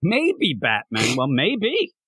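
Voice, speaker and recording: A male podcast co-host in loose, casual chat, his voice slightly high and swinging widely up and down. He talks in a playful, hyped-up ramble, poking fun at himself. The sound is close and dry. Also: huge pitch swings, slow pace, pushed and bright, slightly rough, dry recording. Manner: playful, joking, self-mocking.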